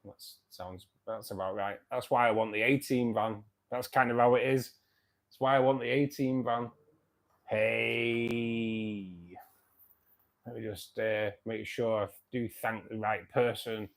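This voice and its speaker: A man's voice: mid-range voice, level tone, a little slow. A man in his fifties hosting a casual fish-keeping livestream, chatty and jokey, thanking viewers by name. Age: 50s. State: dry throat. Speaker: livestream host. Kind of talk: casual live chat.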